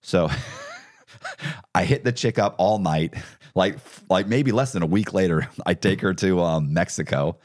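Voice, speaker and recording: A man's voice: low-pitched, a little slow. A man talking as a podcast guest, telling his story casually and acting out what other people said. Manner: animated, acts out others' lines in quotes. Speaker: podcast guest, former con artist.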